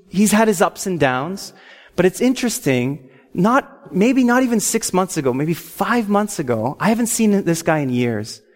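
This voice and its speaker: Man, slightly high voice, excitable testimony storytelling, lots of "okay?" asides, long hall echo. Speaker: speaker sharing a faith testimony.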